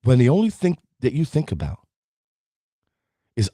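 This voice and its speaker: Emphatic motivational man, husky and lively. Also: medium pitch, normal speed, no echo, clean studio sound. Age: middle-aged. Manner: preachy, emphatic, addresses listeners directly. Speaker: podcast host. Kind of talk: motivational talk.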